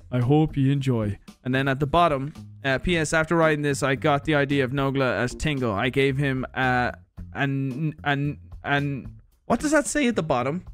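A young man, chatting casually on a livestream as he opens viewer parcels, animated and swearing freely as he reads letters aloud. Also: a little high. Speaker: streamer host. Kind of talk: casual livestream unboxing chat.

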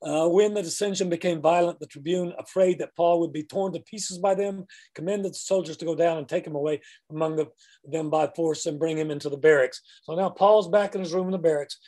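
A man's voice: on the high side, brisk, warm tone. Chatty man teaching a Bible class.

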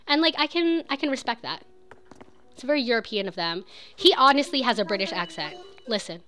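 A woman's voice: high-pitched, sing-song, moderate pace, bright, forceful tone, faint music behind. A woman in her thirties chatting casually while she plays a game on stream. She is giggly and rambling, and she swears freely. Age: 30s. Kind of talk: casual live gameplay chat.

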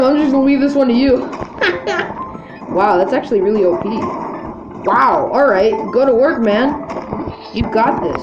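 A woman's voice: on the high side, highs cut off. A woman giving casual commentary over her own gameplay, playful and exasperated, talking to the characters on screen and bursting into yelps. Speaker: gaming video creator. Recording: roomy with game music behind.

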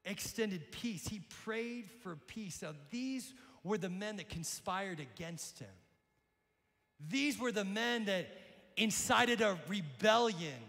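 A male pastor preaching with energy, swinging from shouts to hushed lines. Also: extremely high pitch. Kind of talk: sermon. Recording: long hall reverb.

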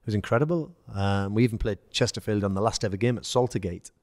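Deep-voiced English man telling stories. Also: fast talker, a little mellow, dry recording, clean studio sound. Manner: storytelling, acts out quoted dialogue, laughs. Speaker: former footballer, podcast guest. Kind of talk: casual anecdote telling.

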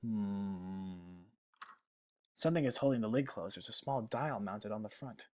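A man's voice: lowish voice, a little slow, a little mellow. Sarcastic man commentating a game. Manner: sarcastic, joking, swearing. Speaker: gaming channel host. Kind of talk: let's play commentary.

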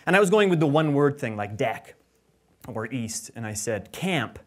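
A male playwright talks through his show in a loose, rambling way, laughing often and leaning on filler words. His voice sits at an ordinary male pitch. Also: very animated, moderate pace. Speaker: playwright guest. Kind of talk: casual interview chat.

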